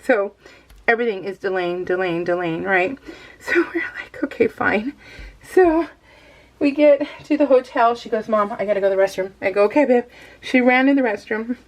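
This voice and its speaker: A middle-aged woman with a mid-range voice tells a story at normal speed in a casual, chatty voice-over, and the recording quality is low. She's a scrapbooking vlogger still recovering from having her tonsils out, so she coughs now and then between frequent laughs.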